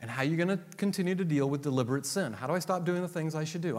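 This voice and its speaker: A man's voice: a little high, a little fast. A man preaching a sermon with humor, acting out quotes and laughing at his own jokes, pastor leading a congregation. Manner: animated, humorous, acts out quotes. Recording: long hall reverb.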